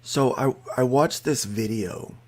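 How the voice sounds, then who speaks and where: A man's voice: medium pitch, measured pace, darkish tone. A man casually telling a funny story on a podcast, laughing as he goes. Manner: joking, laughs mid-story.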